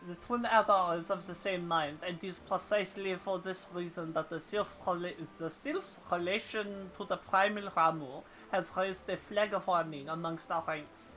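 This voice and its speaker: A stately male commander speaks in measured, formal sentences, as a woman reads his lines aloud. The voice is bright and clear. Soft game music plays underneath. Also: on the low side, lightly acted, low-quality recording. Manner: reads quest dialogue aloud in a formal, deliberate tone.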